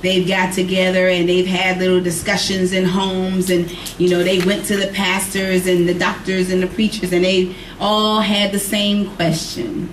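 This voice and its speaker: A woman preaching, her voice climbing to high emphatic calls and dropping to low conversational asides. She is heard from a distance in an echoey church with a faint hiss underneath. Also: flat delivery, normal speed, hardly any pauses. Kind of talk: sermon to a congregation. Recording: echoey room from far off, faint noise.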